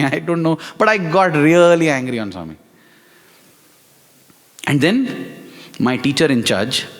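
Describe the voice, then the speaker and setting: Animated man telling a funny story. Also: fairly high pitch. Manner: animated, self-mocking, acts out quoted voices. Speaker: guest speaker at a spiritual retreat. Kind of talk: humorous storytelling talk. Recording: hall reverb.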